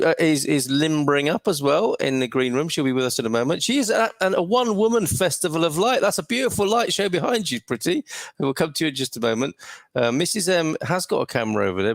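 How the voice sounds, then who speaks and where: Gravelly-voiced British man hosting a livestream. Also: on the high side, expressive, brisk, no room sound. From United Kingdom. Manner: chatty, hesitant with many ums, greets viewers warmly. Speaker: livestream host. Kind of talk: casual livestream chat reading viewer comments. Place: home studio.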